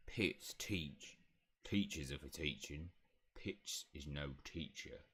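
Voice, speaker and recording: A man's voice: rumbling low, slow, fairly bright tone, breathy edge, voice pushed down, full character voice. A man voicing a grumpy male house elf from a video game, curt and speaking of himself by name. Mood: gruff.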